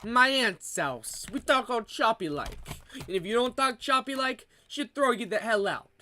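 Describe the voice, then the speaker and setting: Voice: medium pitch, lively intonation, moderate pace, bright, forceful tone, slight background noise. A streamer voicing a brash, exaggerated Italian-American family storyteller in a choppy put-on accent, doing comedy bits. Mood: mock-stern.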